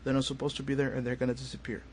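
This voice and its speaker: A radio studio guest, a paranormal investigator, races through his story very fast at a normal mid pitch. Casual and animated, he acts out the family's dialogue, and a faint hiss runs beneath his voice.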